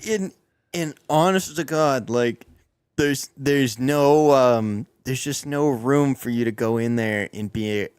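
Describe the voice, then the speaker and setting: A man's voice: medium pitch, slow pace, darkish tone, clear, resonant tone, no room sound. Rambling, joking male podcast host. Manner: rambling, restarts sentences, joking. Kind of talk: casual chat.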